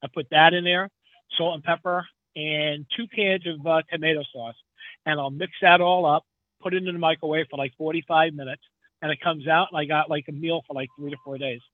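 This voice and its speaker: A man talks in a loose, rambling way, laughing often as he goes. His voice sits a little high. The line is thin and tinny like a phone call, with no room sound. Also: fairly even intonation, a little fast, no room sound. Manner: rambling, chatty, laughs easily. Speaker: guest truck driver. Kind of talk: casual podcast chat.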